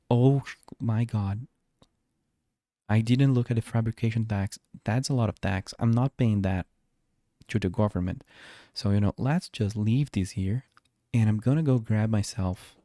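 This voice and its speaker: At home, a man streams a space game and talks to himself as live commentary, rambling and restarting often. His voice is lowish and mellow, recorded at studio quality with no echo.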